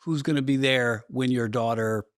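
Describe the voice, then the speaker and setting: A man in his forties on a podcast, pushing back with folksy, animated talk. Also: mid-range voice, normal speed, dry recording, studio quality. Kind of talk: casual podcast conversation.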